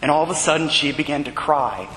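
A man, a Catholic priest, preaching a sermon with earnest storytelling. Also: fast talker. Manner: earnest storytelling preacher, rising animated when retelling dialogue. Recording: echoey church hall with long reverb and faint rumble.

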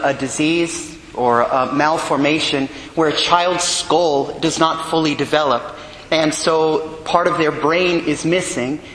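A man with a slightly high voice tells a story in a measured, earnest sermon. His words carry a long reverb, as if spoken in a large church, with a faint hiss of background noise. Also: a bit bright. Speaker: preacher. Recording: echoey hall with long reverb.

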